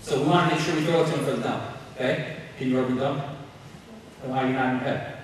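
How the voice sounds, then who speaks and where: A man running a basketball coaching clinic, calling out drill cues in quick repeated bursts and joking with players as he explains. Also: medium pitch, fairly even intonation, a little hiss or hum. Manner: joking, encouraging. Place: large gym. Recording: echoey gym from far off.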